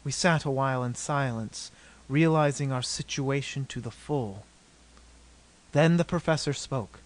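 A man narrating an adventure novel as an audiobook in a steady, measured reading. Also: mid-range voice.

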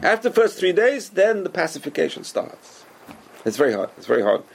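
A man teaching a Torah class as a rabbi, animated and repetitive, who keeps asking rhetorical questions and answering them himself. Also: on the high side, a little fast, creaky, a little hiss or hum.

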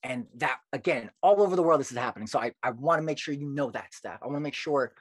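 A man, a poet guest on a podcast, telling stories in an earnest, animated way. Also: mid-range voice, fast talker, husky, dry recording. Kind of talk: casual podcast conversation.

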